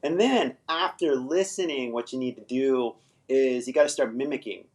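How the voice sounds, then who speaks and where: A man's voice: mid-range voice, moderate pace, darkish tone. An American man hosting a casual live-stream English lesson, loose and chatty, full of fillers, with the odd swear word. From United States.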